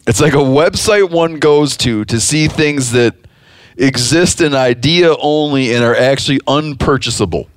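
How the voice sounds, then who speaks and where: A man's voice: medium pitch, unhurried, no room sound. A man hosting a casual podcast, talking in a rambling way with many restarts and dry jokes. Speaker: podcast host.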